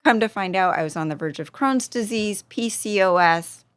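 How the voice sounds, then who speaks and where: A woman's voice: medium pitch, moderate pace, clean tone, dry recording. A middle-aged woman telling a personal story as a podcast guest, acting out what people said to her. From Southern California. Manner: animated storyteller, acts out quotes. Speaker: guest, supplement company founder. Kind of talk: casual storytelling interview.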